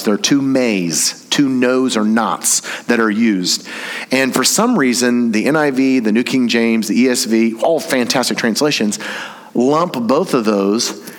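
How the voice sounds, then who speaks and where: Man preaching in a reverberant church. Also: mid-range voice. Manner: conversational, teasing asides, explaining Greek grammar. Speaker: pastor. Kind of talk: sermon. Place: church sanctuary during a service. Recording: long hall reverb from a church sanctuary.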